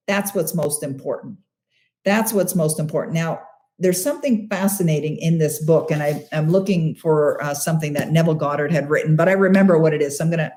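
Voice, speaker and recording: Emphatic encouraging woman, low voice. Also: warm tone. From Canada. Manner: emphatic, encouraging, repeats key phrases. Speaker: podcast host answering live questions. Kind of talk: live Q&A coaching talk.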